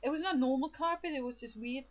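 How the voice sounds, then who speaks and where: Woman, casual film review chat, excited retelling, higher voice, dull recording. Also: fast. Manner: chatty, excited retelling with restarts.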